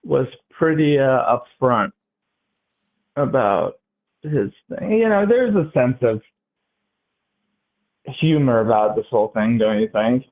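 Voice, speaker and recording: Slow, hesitant man on a tinny line. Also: mid-range voice, animated. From central Pennsylvania. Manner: halting, hesitant, many fillers. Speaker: caller. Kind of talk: political call-in debate.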